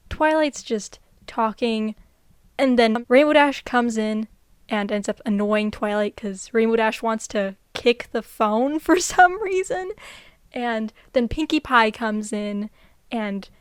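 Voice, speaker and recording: A woman's voice: a little high, clean tone, no echo. A young woman vlogger giving unscripted casual commentary, chatty and rambling, laughing often.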